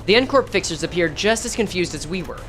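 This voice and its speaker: A woman's voice: lowish voice, animated, quick pace. Woman streamer, story reading with chatty asides, faint music behind. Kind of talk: reading a game story aloud with reactions.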